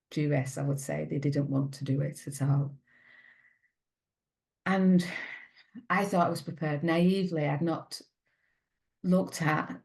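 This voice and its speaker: A middle-aged woman, a mother, giving an earnest, halting personal account in an interview. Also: deep voice, creaky, a little mellow. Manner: earnest, halting, with many restarts. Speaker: mother of a patient, interview guest.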